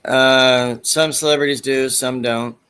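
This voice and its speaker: A man chats casually, rambling through a retelling of movie scenes and dropping into the quoted lines as he goes. His voice is bright and forward, at an everyday pitch. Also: fairly even intonation, unhurried, clear, resonant tone. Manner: rambling storyteller who acts out quoted lines.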